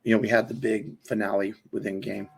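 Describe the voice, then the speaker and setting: A man's voice: lowish voice, flat delivery, fairly quick, vocal fry, husky. A man co-hosting a podcast, chatting casually about films in a rambling way, with lots of fillers and restarts. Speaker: podcast co-host. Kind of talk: casual film chat.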